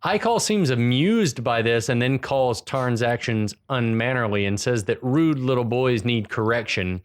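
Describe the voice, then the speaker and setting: A man's voice: mid-range voice, unhurried. A man co-hosting a podcast, casually recapping a film's plot scene by scene with dry asides. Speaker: podcast co-host. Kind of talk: casual movie recap chat.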